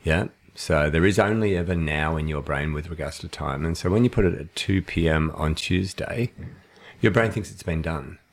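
A man with a croaky voice, casually explaining and telling stories on a podcast. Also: a bass voice, moderate pace. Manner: storytelling, animated when acting out quotes. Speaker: podcast co-host, trainer. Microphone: studio microphone.

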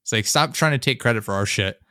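A man's voice: fast, bright, forceful tone, no room sound. Sarcastic young man in a dry room. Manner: rambling, sarcastic, mimics people in high mocking voices. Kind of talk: casual chat.

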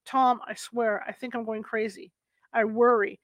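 An anxious young mother pleads in earnest, her voice sitting somewhat high, as a woman narrator reads her. The audiobook reading is close and dry, with no room sound. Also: flat delivery, measured pace, dry recording, natural voice.

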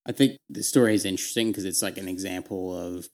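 A man's voice: low-pitched, quick pace, a little mellow. A man co-hosting a podcast, talking thoughtfully in casual chat with lots of "like" and "you know". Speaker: podcast co-host.

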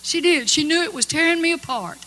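A woman's voice: extremely high pitch, fairly quick, sharp tone. A woman giving earnest, folksy spoken testimony to a congregation in a hall. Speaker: gospel singer giving testimony. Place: church or conference hall. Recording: long-reverb hall with music.

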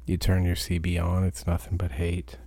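A truck driver giving a profane, ranting podcast monologue. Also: male voice, low voice, completely flat delivery, moderate pace, warm tone, no echo.

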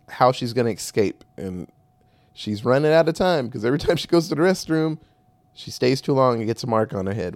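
A man's voice: medium pitch, darkish tone, no echo. A man co-hosting a casual talk show, recapping a movie in a rambling, profane way and correcting himself as he goes. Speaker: podcast co-host recapping a movie. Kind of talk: casual chat.

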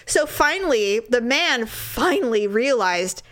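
Woman ranting a story, animated, voice jumping high n low, kinda exasperated. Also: a little slow. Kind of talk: casual storytelling.

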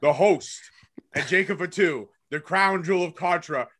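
A man's voice: sits high, normal speed, a bit bright. A man co-hosting a casual wrestling podcast, brash and joking, swearing freely. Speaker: podcast co-host.

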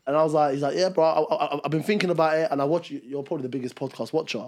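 A young man, co-hosting a podcast and telling a story in casual chat, acting out what others said. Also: a little high. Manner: rapid, animated, acts out quotes. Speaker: podcast co-host.

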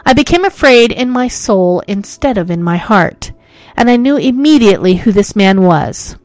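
A woman's voice: medium pitch, lively intonation, normal speed, darkish tone, no echo. A woman reading a ghost story aloud as narrator, with dramatic, suspenseful delivery.

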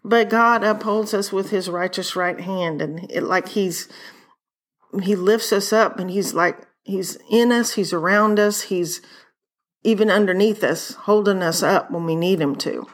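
A woman's voice: medium pitch, measured pace. A woman co-hosting a podcast in casual chat, earnestly relating scripture to her own life. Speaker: podcast co-host. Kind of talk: casual Bible study chat.

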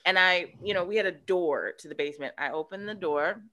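A woman's voice: fairly low pitch, brisk. A woman, a podcast guest, telling a childhood story in casual chat and acting out the voices in it. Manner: animated, acts out voices in her story.

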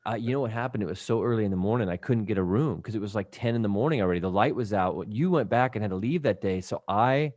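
Male podcast host, casual animated storyteller, does quick voices, dry booth sound. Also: on the low side, no room sound, muffled recording.

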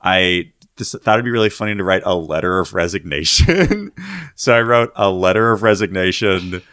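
A man's voice: low-pitched, lively intonation, normal speed, a bit bright, dry recording, clean studio sound. A young man chatting casually on a podcast, rambling with lots of fillers. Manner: rambling, filler-heavy storytelling.

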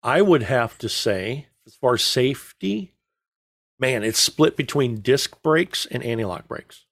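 A middle-aged man chats as a podcast co-host, drifting through long anecdotes and slipping deadpan jokes in. His voice sits at a middle pitch. The sound is dry and close to the mic. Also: a little slow, dry recording. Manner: rambling storyteller, joking deadpan. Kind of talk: casual chat.

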